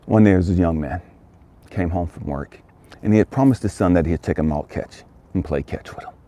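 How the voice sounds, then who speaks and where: A man's voice: sits low, fairly quick, mellow. A man telling a motivational story, emphatic and fond of repeating phrases for effect. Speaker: motivational speaker.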